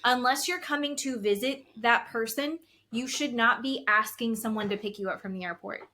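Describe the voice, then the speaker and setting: Bright-voiced, blunt woman podcast co-host. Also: a little high, normal speed. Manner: opinionated, blunt storyteller. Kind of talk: casual chat.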